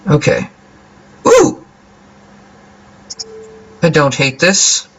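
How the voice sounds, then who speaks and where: A young man casually commentating his own card game as he plays, joking and thinking out loud. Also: fairly high pitch, wildly swooping pitch, very slow, gravelly, rough recording. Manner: playful, jokey, talks to himself while playing. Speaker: gameplay commentator.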